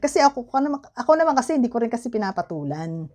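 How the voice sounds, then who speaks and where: A woman's voice: fairly high pitch, big pitch swings, racing, a little mellow. A middle-aged woman from the Philippines with a Filipino accent, chatting candidly to her viewers and often trailing off as she searches for words. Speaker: vlogger. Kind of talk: casual chat.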